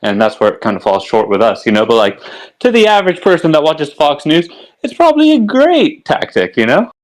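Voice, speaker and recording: A man's voice: on the high side, sing-song, a little fast. A man co-hosting a livestream, talking in casual chat with lots of "like" and "you know". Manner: conversational, frequent "you know" and "like". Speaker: livestream co-host.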